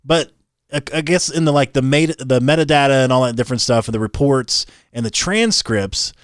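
A man co-hosting a political commentary show, talking in an animated, incredulous and joking way. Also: mid-range voice, fairly quick, dry recording, clean studio sound. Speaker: podcast co-host.

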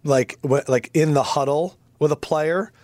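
A man's voice: on the high side, measured pace, darkish tone, dry recording. A young man co-hosting a sports podcast, firing off curious questions and telling self-mocking stories. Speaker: podcast co-host. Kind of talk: casual sports chat.

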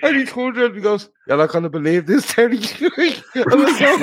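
An Irish man telling a crude, animated story, laughing as he goes, in casual chat. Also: high voice, normal speed, gravelly, slightly rough, rough recording. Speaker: podcast co-host.

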